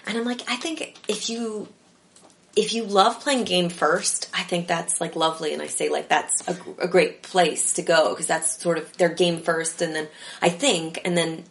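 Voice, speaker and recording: Female improviser guest, slightly low register, energetic and rambling. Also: moderate pace. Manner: animated, rambling, lots of fillers. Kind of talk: casual interview chat.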